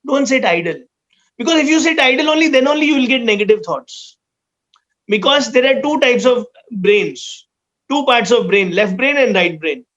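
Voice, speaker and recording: A man with an Indian accent giving an animated motivational talk as a guest speaker, slipping into rapid asides. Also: very high voice, highs cut off. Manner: animated, switches into quick Hindi asides.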